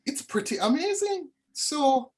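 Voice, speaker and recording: A woman from Jamaica, speaking reflectively as a guest over a video call, animated and storytelling. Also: sits high, unhurried. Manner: animated, lively storyteller with dramatic asides. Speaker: discussion guest. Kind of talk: reflective conversation.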